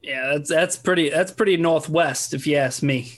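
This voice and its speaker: A young man co-hosting a sports betting podcast, joking in a deadpan, mock-exasperated way. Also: fairly high pitch, moderate pace. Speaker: podcast co-host.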